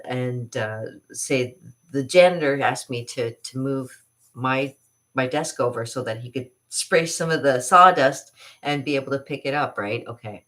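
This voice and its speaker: A woman's voice: very deep voice, fairly bright tone. A woman hosting a casual vlog, telling a rambling story with lots of laughter and restarts. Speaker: vlog host and artist.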